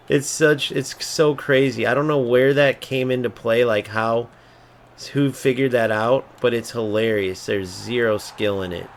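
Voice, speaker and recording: A man's voice: mid-range voice, steady tone, unhurried, a bit bright. A man ranting angrily and swearing freely while commenting on his own football video game match, mocking opponents and muttering between outbursts. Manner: angry, profane, swings between mocking and muttering. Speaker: gaming streamer. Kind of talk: ranting live gameplay commentary.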